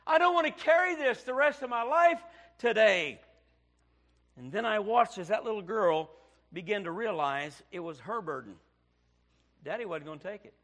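A male pastor preaching a sermon, moving between quiet storytelling and loud, pleading cries. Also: sits high, creaky.

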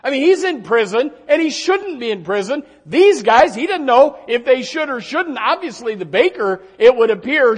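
Male preacher, high-pitched, animated conversational sermon style with frequent restarts. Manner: animated, pitch rising and falling with emphasis.

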